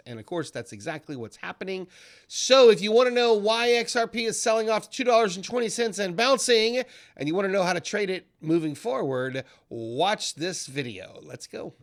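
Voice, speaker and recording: Animated man explaining trading charts. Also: high voice, moderate pace. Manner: animated, mimics panicky traders in quoted asides. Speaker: trading educator. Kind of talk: casual screen-share market explainer.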